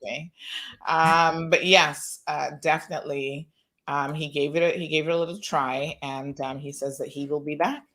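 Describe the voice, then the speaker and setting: A woman's voice: low voice, fairly even intonation, normal speed, a bit bright. A woman co-hosting a morning news show, chatting casually with frequent fillers and laughs.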